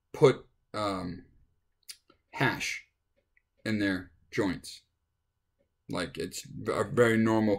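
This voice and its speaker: A man, a touring musician, casually telling a rambling anecdote with restarts, acting out what people said. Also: lowish voice. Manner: rambling, with restarts and acted-out quotes. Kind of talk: casual storytelling.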